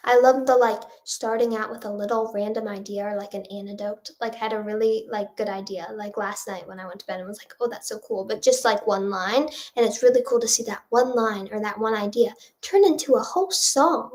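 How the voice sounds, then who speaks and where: Her voice is a little high and somewhat mellow, with a nasal quality. The young woman, a singer-songwriter, chats casually on a phone or webcam stream, fielding viewer questions and rambling through plenty of fillers.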